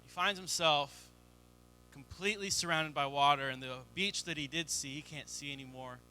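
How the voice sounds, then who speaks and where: A young man delivers a sermon as a story, giving short voices to the people in it. His voice sits high for a man and has a very bright, forward tone. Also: moderate pace, faint music behind. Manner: storytelling, acts out quoted voices. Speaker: pastor.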